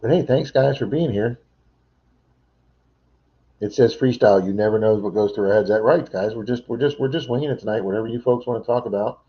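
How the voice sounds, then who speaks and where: A man's voice: lowish voice, fairly quick, dull audio. A middle-aged man hosting a casual livestream from home, rambling and answering viewers' chat messages. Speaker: livestream host.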